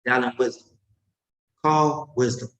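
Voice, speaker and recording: A man's voice: mid-range voice, fairly even intonation, measured pace, fairly bright tone. A man preaching in an emphatic, mocking way, repeating his points for effect. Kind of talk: animated sermon-style commentary. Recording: roomy echo.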